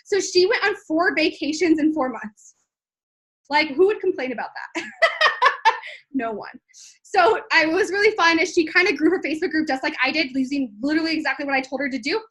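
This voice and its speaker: Bubbly high-voiced woman business coach. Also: a little fast. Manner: gushing, excited, many likes and ums. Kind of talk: live-streamed sales talk.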